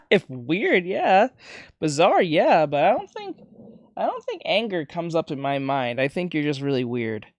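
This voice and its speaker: Lively, laughing stream commentator. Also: medium pitch, a little slow, no room sound, studio quality. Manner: laughing, rambling reactions.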